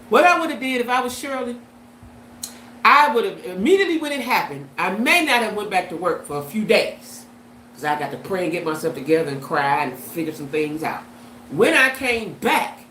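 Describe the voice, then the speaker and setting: A woman hosting a casual commentary vlog, talking to her viewers in an animated way and often asking them "right?". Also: on the low side, normal speed. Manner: animated, talks to viewers with "right?" and "you know what I'm saying". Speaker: host. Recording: echoey room with faint background noise.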